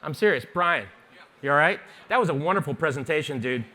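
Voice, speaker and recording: A man teaching photography lighting on stage, talking fast and joking as he quizzes a live audience. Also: fairly high pitch, animated, pushed and bright. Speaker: photography instructor. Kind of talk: live workshop demonstration.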